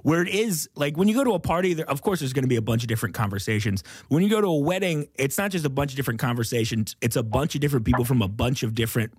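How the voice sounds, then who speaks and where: A man's voice: mid-range voice, animated, racing, hardly any pauses, a little mellow, slightly rough, dry recording, clean studio sound. A man hosting a podcast, talking in a loose, laid-back way and often stalling on fillers. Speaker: podcast host. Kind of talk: casual podcast chat.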